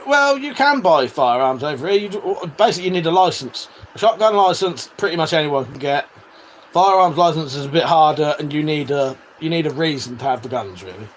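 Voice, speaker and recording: A man's voice: fairly high pitch, animated, fairly quick. A British man hosting a livestream, chatting casually, swearing freely and laughing often as he answers viewers. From United Kingdom. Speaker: livestream host. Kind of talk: casual livestream chat reading viewer comments. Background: faint fan hum.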